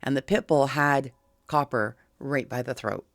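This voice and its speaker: Give me an earnest, pleading dog-training commentator with a gravelly voice reacting to a clip, recorded dry and close. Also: medium pitch, a little slow, dry recording. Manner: earnest, pleading, repeats key points; frequent restarts and verbal fillers.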